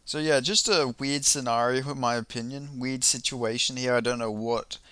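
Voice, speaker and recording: A man's voice: medium pitch, fairly even intonation, normal speed, fairly bright tone, smooth, dry recording. A young man in a casual vlog, ranting about fights in a profane, rambling, heated way. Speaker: MMA commentator.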